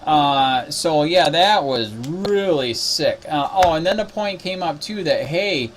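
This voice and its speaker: A man's voice: fairly high pitch, expressive, takes it slowly, slight background noise. A man who is a cop watch activist, talking in a casual spoken recap, indignant and exasperated.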